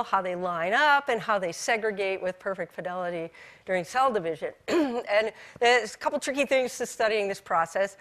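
A woman giving a scientific conference lecture, her voice scratchy from a cold, relaxed and self-deprecating with frequent fillers and restarts. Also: on the high side. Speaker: cell biology researcher giving a talk.

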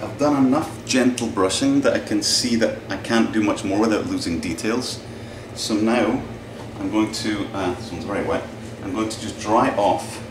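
A man's voice: lowish voice, distant mic. Chatty man thinking aloud in a workshop. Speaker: maker vlogger. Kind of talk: casual workshop narration. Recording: roomy sound with music behind.

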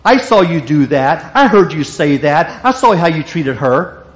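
A preacher acting out a male devil who whispers accusations at a believer. The lines come out slow and deliberate. The voice sits high for a man and echoes around the room. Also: sing-song. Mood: taunting.

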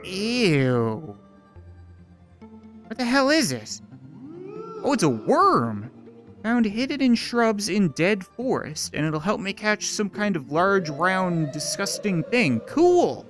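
A gaming host talks viewers through a playthrough in a loose, jokey way, the voice leaping all over its range. The pitch sits in a middle register, and faint game music runs quietly underneath. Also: big pitch swings, slow. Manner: chatty, jokey, talking to viewers while playing. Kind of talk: casual let's-play commentary.

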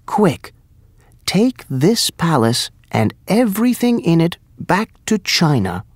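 A storybook reader voicing a young male hero who gives quick, urgent orders, in a story for English learners. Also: mid-range voice, very animated, dry recording, clean studio sound, pitched above the performer's own voice. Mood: commanding.

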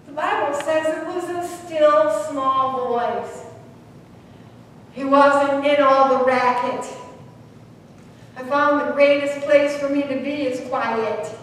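A woman pastor preaching a sermon, swinging between loud preaching and hushed quiet, recorded in a church. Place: church sanctuary. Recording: echoey church hall from far off, faint rumble.

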